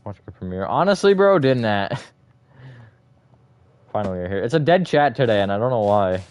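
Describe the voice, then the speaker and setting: A man livestreaming a building game, rambling as he thinks aloud and swinging between flat, disappointed-sounding talk and bursts of energy. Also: lowish voice, moderate pace, clear, resonant tone, dry recording. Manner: rambling, thinks aloud with fillers and self-corrections. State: short on sleep. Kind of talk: casual livestream chat while gaming.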